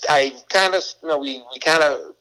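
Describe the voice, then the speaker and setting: A man's voice: a little high, moderate pace, bright, forceful tone, poor audio. A middle-aged man from Boston, a guest author telling stories in a casual interview, rambling and often stumbling over and repeating his words.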